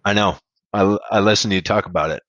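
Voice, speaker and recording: Low-voiced man telling a candid story. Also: steady tone, quick pace, fairly bright tone, no echo, dull audio. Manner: candid, rambling, swears and laughs at himself. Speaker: podcast guest, amateur ultrarunner. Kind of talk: casual storytelling interview.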